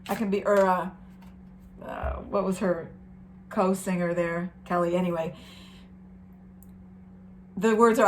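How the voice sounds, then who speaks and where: A woman giving an encouraging spiritual card reading to her viewers, gentle and sometimes emotional. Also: medium pitch, fairly even intonation, slow, long pauses, a little hiss or hum. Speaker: tarot reader.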